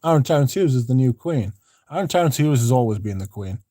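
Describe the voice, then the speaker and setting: Streamer, low-key rambling host reading chat, warm darker voice, dead-dry mic. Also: male voice, lively intonation, quick pace, no echo. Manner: rambling, laid-back, swears freely. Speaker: livestream host. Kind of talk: casual livestream chat, reading comments.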